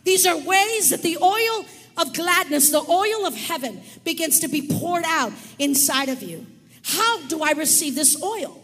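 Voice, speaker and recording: Very high-voiced woman preaching in a hall. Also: expressive, unhurried. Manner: emphatic, repeats key words, calls on listeners to shout back. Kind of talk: sermon.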